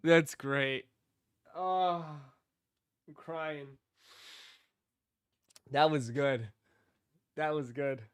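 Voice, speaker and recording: A man's voice: a little high, very slow, long pauses, clear, resonant tone. A man hosting a casual live stream, reacting to clips with frequent laughter and playful remarks. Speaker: livestream host.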